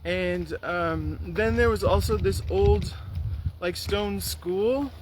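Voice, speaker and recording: A young man rambles through a relaxed walking vlog, his voice high and his pace unhurried, often doubling back mid-sentence. He records on a carried phone out on a riverside trail. Loud wind and outdoor noise sit under everything he says. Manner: rambling, with frequent restarts. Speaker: vlogger. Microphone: phone or camera carried while walking. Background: loud outdoor ambience and wind.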